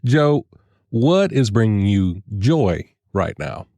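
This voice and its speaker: A man's voice: on the low side, very animated, slow pace, mellow, dry recording. A man hosting a podcast, asking curious, encouraging questions. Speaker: podcast host. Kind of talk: casual interview.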